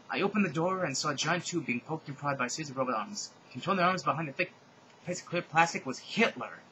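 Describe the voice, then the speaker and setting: A man giving a comedic dramatic reading of a fan fiction, mock-serious with sarcastic deadpan asides. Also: a little high, fast talker, slight background noise, rough recording.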